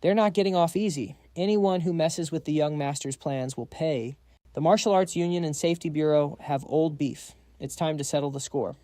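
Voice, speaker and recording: A man's voice: on the high side, moderate pace, warm tone, no room sound, close to an everyday voice. A man voicing a cold woman strategist. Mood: commanding.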